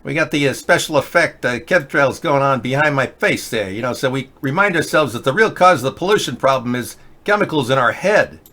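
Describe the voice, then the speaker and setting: A man hosts a live online chat show from a webcam at his desk. He rambles and talks sarcastically as he reads viewer comments and tweets aloud. His voice sits at an average pitch for a man. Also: animated, a little fast, hardly any pauses, bright, forceful tone. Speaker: livestream political show host.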